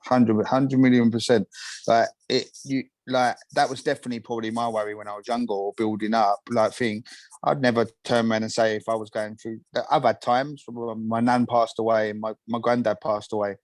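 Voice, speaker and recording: A young man, a guest talking openly in a casual interview, halting and repeating himself. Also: lowish voice, level tone, dry recording, low-quality recording.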